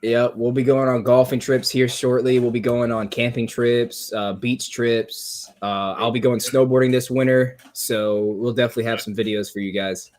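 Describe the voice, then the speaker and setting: A man's voice: mid-range voice, fairly even intonation, moderate pace, hardly any pauses, a little mellow. A young man co-hosting a podcast in casual chat, a laughing storyteller who retells comedy clips. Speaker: podcast co-host.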